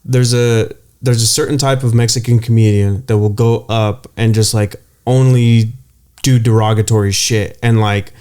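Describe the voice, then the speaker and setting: A man's voice: lowish voice, steady tone, moderate pace, dark tone, smooth. Hesitant man in podcast chat. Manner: hesitant, searching for words. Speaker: podcast co-host. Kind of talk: casual chat.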